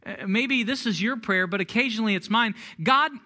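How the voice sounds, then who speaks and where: A man's voice: sits high, a little fast, bright, forceful tone. A middle-aged man preaching a sermon, telling a personal story with self-deprecating humor before turning to scripture. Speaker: pastor.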